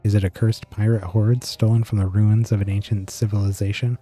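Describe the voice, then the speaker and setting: A man's voice: lowish voice, little pitch movement, a little fast, mellow, husky, faint music behind. A man reading the lines of a curious young boy heard over an old radio, in an eager, chattering way.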